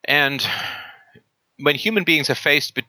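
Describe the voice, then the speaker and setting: Bright-voiced, emphatic male call-in host. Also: on the high side, unhurried, no echo. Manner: emphatic, with rhetorical tag questions and frequent fillers. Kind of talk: casual argumentative talk on a call-in show.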